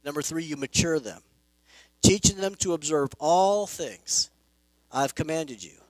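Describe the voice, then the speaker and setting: High-pitched pastor guy preaching hard, gets loud then quiet, dry close sound. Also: animated, unhurried, no echo, rough recording. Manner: emphatic preaching with rising and falling volume. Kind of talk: sermon.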